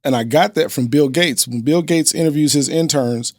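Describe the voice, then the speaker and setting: A man's voice: on the high side, moderate pace, no room sound, clean studio sound. A man who is a business owner and father, a guest on a podcast, telling stories in an earnest, instructive way with everyday fillers. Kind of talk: casual interview chat.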